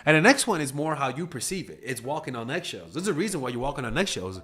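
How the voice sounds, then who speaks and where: A man's voice: mid-range voice, sing-song, fast, a bit bright, husky. A man giving blunt, casual dating advice in a monologue, swearing freely and acting out quoted exchanges in a raised voice. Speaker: dating coach.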